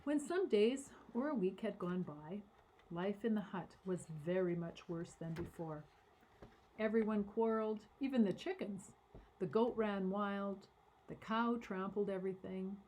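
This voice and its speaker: Woman telling a children's story, mellow. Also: medium pitch, unhurried, a little hiss or hum, low-quality recording. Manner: animated, dramatic narration with voices for characters. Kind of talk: expressive read-aloud storytelling.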